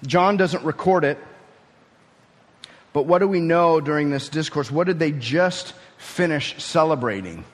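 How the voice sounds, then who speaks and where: A man's voice: a little high, a little slow. A man preaching a sermon, teaching through a passage and building to emphatic peaks. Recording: reverberant hall.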